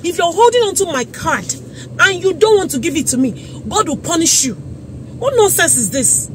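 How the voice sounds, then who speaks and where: Filming an exasperated vlog outside a busy government office, a young Nigerian woman vents angrily into her phone, repeating herself indignantly. She has a Nigerian accent and a very high voice with big pitch swings at normal speed, while crowd and traffic sounds fill the background.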